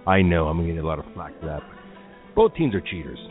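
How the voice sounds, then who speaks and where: A fast-talking man with a low-pitched, very animated voice hosts a film talk show, chatting casually in solo radio style and rambling through asides with strong opinions. The lo-fi audio is tinny and phone-like, with faint music in the background.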